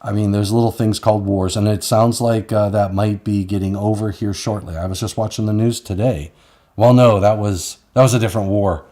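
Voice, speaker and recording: Mellow low-voiced man chatting on a live stream. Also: steady tone, fairly quick. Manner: rambling, laughs at his own stories. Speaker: host. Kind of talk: casual live-stream chat.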